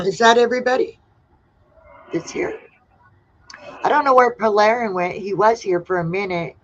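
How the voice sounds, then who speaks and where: A woman hosting a casual livestream, reading out viewers' answers one by one in a relaxed way. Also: mid-range voice, moderate pace, a little hiss or hum. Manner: relaxed, reads out chat replies one by one. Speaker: livestream host. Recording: dull lo-fi sound.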